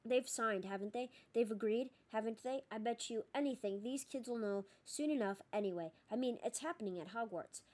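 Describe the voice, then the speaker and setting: A jovial man rattles on in a bright, cheerful way, light and slightly raised in pitch, as a woman reads him aloud. He is chatty and breezy, in a storybook reading. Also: brisk, few pauses, lightly acted. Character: cheerful breezy male sports official.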